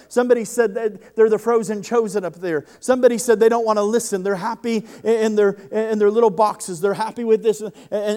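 A man's voice: high-pitched, steady tone, fast talker, few pauses, mellow, clean tone. A man preaching a sermon to a congregation, impassioned, often doubling the first word of a sentence as he builds. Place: church service before a congregation.

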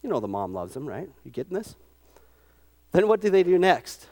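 A middle-aged man preaching a sermon, impassioned and rising to shouts, with repeated calls of "come on". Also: on the high side, sing-song, moderate pace.

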